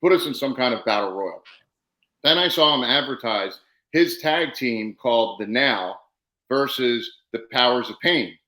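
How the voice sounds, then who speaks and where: Guy telling wrestling stories, bright voice, echoey room, acts out the dialogue. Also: mid-range voice, measured pace. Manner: animated anecdotes, acting out quoted dialogue. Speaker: professional wrestler guest. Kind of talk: casual storytelling.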